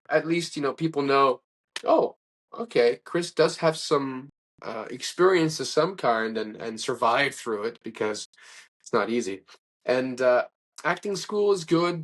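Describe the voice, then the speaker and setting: Talkative man telling a long story. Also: medium pitch. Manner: rambling, animated anecdotes with restarts and acted-out quotes. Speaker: interview guest. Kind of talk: casual conversational storytelling.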